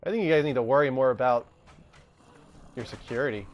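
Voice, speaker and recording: A man's voice: medium pitch, fast talker, lo-fi sound, soft background music. A man streaming a video game live, making wry, chatty remarks and greeting viewers. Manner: chatty, wry, laughing asides to chat. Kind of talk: live gameplay commentary.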